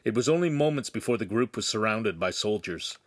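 A man's voice: on the low side, lively intonation, brisk, no echo. Man reading a novel in a dry recording. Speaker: audiobook narrator. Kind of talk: scripted story narration.

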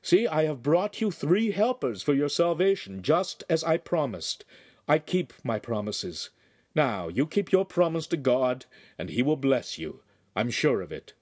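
A man's voice: on the high side, sing-song, unhurried, a little mellow, no room sound, studio quality, voice pushed up. Man voicing a stern, fatherly priest. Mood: preachy. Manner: soothing, preachy. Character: calm stern older male priest, fatherly.

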